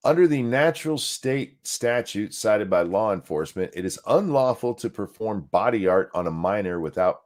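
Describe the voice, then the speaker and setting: A man's voice: fairly low pitch, animated, moderate pace, few pauses, darkish tone. Man reading news with sarcastic asides. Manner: reads aloud with sarcastic asides and profanity. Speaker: podcast co-host reading news. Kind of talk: casual commentary reading an article aloud.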